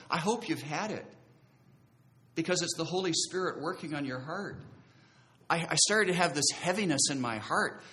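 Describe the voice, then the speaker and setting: Bright-voiced man preaching his testimony. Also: on the high side. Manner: earnest, conversational storytelling with emphatic drawn-out phrases. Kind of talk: sermon testimony storytelling.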